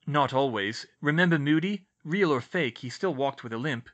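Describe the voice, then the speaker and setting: A man's voice: mid-range voice, expressive, normal speed, a bit bright. A man voicing a weary, injured but friendly young man in an audiobook reading.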